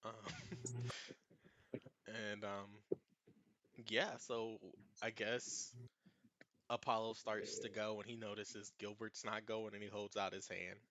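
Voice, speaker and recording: A man's voice: on the low side, flat delivery, takes it slowly, long pauses, fairly bright tone, no echo. A man narrating a tabletop game as its game master, easygoing and often laughing.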